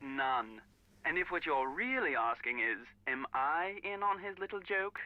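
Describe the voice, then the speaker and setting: A man's voice: fairly high pitch, very animated, a little slow, dry recording. An actor playing a stiff, disdainful man speaking over a phone line in a mystery game. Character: prim, haughty middle-aged man on phone. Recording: muffled phone call in game.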